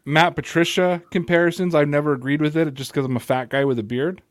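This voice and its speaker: A man's voice: fairly high pitch, steady tone, fast, no echo, clean studio sound. A man with an American Italian accent hosting a casual sports podcast over a video call, joking and trailing off mid-sentence. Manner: loose, joking, trails off and restarts. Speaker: podcast host. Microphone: computer mic on a video call.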